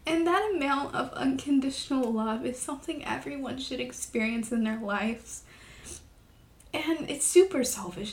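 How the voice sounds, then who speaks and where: A young woman talking on her own podcast in a personal, confessional way, emotional and halting, with many pauses and fillers. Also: sits high, vocal fry. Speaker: podcast host. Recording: echoey room.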